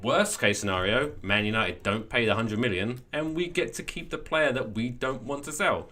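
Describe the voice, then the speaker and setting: A man co-hosting a podcast, talking in a rambling, animated, storytelling way. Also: mid-range voice, moderate pace. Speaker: podcast co-host. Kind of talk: casual chat.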